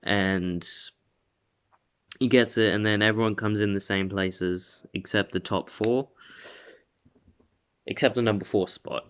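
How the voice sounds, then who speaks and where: A young man with a low, smooth voice retells a fan story at an unhurried pace. He rambles, piles on "like," and keeps correcting himself mid-sentence. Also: fairly even intonation, a bit bright. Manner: rambling, full of "like" and self-corrections. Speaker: video creator.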